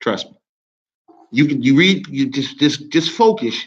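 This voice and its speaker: A man with an American accent teaching an Arabic lesson to a small class, lively and often checking that everyone follows. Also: mid-range voice, measured pace, highs cut off. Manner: lively, mixes English with Arabic reading, checks understanding often.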